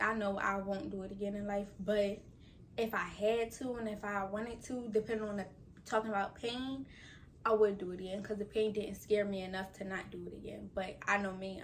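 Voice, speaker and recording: Still recovering from surgery and unable to bend down, a twentysomething woman talks to her viewers in a casual vlog, narrating a story and voicing her own thoughts. The recording is rough, with her mid-range voice far from a distant mic and a bit of hiss or hum.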